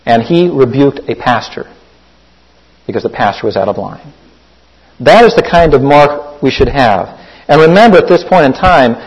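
A man's voice: medium pitch, a little mellow, husky, dull audio. A man preaching an earnest sermon as a pastor, urging his listeners to act on their faith. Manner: earnest, exhorting the congregation.

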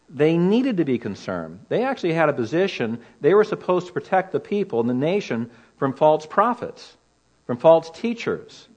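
Male preacher, expository teaching; earnest, emphatic, rhetorical questions, mid-range voice. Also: medium pitch.

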